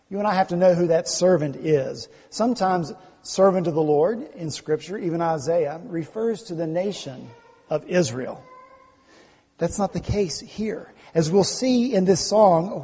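A man preaches to his congregation in a high, slightly husky voice. He moves between reading scripture aloud and telling stories, and the sound carries a long reverb that fills the church hall. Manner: reads scripture aloud and tells anecdotes, prays quietly. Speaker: pastor. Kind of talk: sermon.

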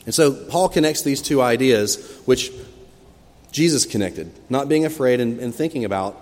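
A man's voice: medium pitch, normal speed. Man preaching in a reverberant church. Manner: expressive storytelling, acting out quoted cries with sudden loud rises. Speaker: pastor. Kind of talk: sermon. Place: church sanctuary. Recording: long hall reverb from a church.

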